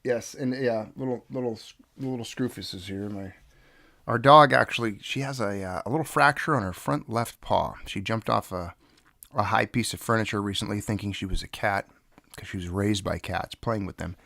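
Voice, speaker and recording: A man hosts a casual livestream chat in a low, gravelly voice, sounding stuffed up from congestion. He rambles along and greets the viewers in the chat one by one. The recording is close and dry. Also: moderate pace, bright, forceful tone, dry recording. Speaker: livestream host.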